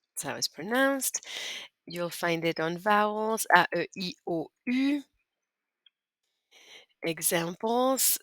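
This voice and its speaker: A woman's voice: fairly low pitch, lively intonation, slow pace, a bit bright, no room sound. Dry-sounding woman teaching French accents. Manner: clear, patient step-by-step instruction. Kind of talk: screen-recorded lesson walkthrough.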